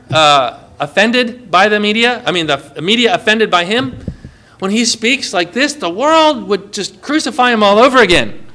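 A man preaching a sermon, lively and emphatic, asking the congregation questions. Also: high-pitched.

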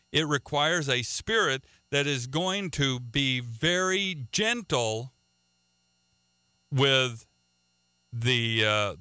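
A man's voice: mid-range voice, sharp tone, smooth, dry recording. A man preaching a radio sermon in an earnest way, often repeating words and restarting sentences.

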